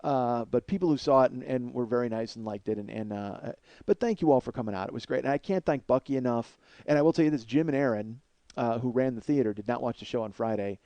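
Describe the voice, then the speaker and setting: A man in his forties hosts a podcast, delivering a rambling comedic monologue full of swearing and self-deprecation. He talks fast with a warm, medium-pitched voice, and the recording is muffled but has no echo.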